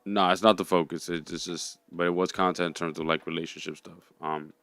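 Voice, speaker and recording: A man co-hosting a livestream, talking in a relaxed, laid-back way as he steers the conversation. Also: deep voice, fairly quick, no echo, soft background music. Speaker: co-host.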